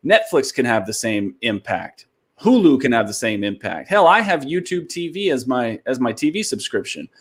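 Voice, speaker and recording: A man hosting a casual online talk show, telling stories in a lively, animated way. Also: medium pitch, normal speed, breathy edge. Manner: animated storyteller, voice jumps up when excited. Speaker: podcast host. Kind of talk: casual chat.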